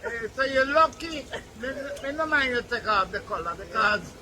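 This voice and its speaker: A man's voice: very high-pitched, lively intonation, moderate pace. An older man with a Jamaican accent, chatting in a playful, boastful way and saying "you know" a lot. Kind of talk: casual chat. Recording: loud street noise and crowd.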